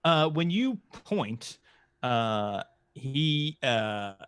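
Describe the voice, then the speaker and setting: A man running a tabletop game as game master, narrating in a relaxed, halting way with many fillers. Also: medium pitch, clean tone, no echo. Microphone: podcast mic.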